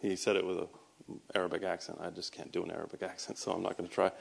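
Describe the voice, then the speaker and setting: Racing through his words in a low voice with vocal fry and little pitch variation, an American army veteran and Christian speaker delivers a personal testimony sermon. It's told like a conversation, punctuated by sarcasm and emphatic outbursts.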